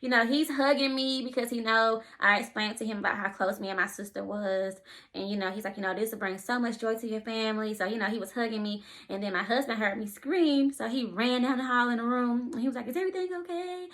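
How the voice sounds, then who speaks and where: A woman telling a personal story in a casual vlog. She is out of breath, animated, and keeps acting out the conversations she is retelling. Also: fairly high pitch, a little fast. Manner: breathless and animated, often retelling scenes in quotes. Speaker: vlogger and expecting mother.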